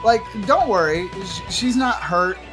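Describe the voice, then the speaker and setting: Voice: mid-range voice, animated, a little slow. Home-studio esports caster, chatty and rambling, over faint background music. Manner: chatty and rambling, laughing asides. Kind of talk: live tournament commentary. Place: home setup. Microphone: desk microphone with pop filter.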